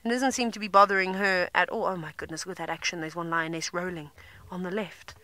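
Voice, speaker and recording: A woman's voice: lowish voice, fairly even intonation, fast, pushed and bright, dry recording. A woman safari guide giving chatty live commentary from an open vehicle outdoors and answering viewers' questions. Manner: chatty, informative, thinks aloud.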